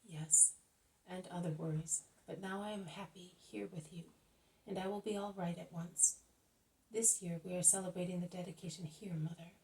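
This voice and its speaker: A woman voicing a gentle, weary grown son who speaks quietly in a spoken book reading. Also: fairly low pitch, fairly even intonation, normal speed, far from the mic, natural voice, rough recording.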